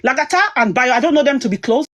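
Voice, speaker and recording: Woman ranting on a live stream, worked up, slightly high voice, keeps circling back. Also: quick pace, a bit bright. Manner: agitated, emphatic, rambling. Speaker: online commentator. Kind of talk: heated livestream talk.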